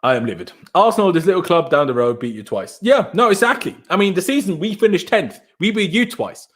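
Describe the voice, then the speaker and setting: A man's voice: high voice, animated, a little fast, a bit bright. A young man hosting a fan channel's post-match live stream, ranting in exasperation, repeating himself and bantering with viewers in chat.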